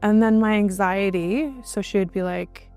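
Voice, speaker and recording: A woman guest recounting a personal experience in conversation, halting, with frequent restarts and fillers. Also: mid-range voice, fairly even intonation, darkish tone, clean tone, faint music behind. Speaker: interview guest.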